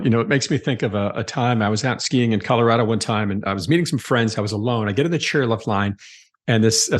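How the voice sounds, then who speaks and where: A man hosts a podcast and talks quickly with a husky edge to his voice. He sounds enthusiastic, leading into his questions with casual stories. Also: on the low side. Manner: enthusiastic, fast anecdotal storytelling. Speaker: podcast host. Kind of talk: casual interview chat.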